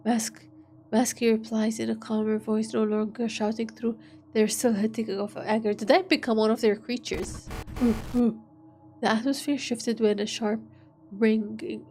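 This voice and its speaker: A woman's voice: fairly high pitch, darkish tone, slight background noise. A woman streamer reading an interactive story aloud, stumbling over words and breaking off with joking asides.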